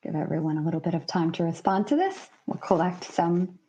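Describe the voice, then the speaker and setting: A woman moderating a business webinar, politely running an audience poll in a measured way. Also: fairly low pitch, very animated, dark tone, slight background noise.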